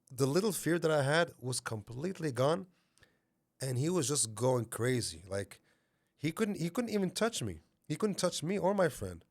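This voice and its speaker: A man's voice: mid-range voice, gravelly, dry recording, studio quality. A man who is a podcast guest, sharing a personal testimony and animatedly repeating himself as he tells his story.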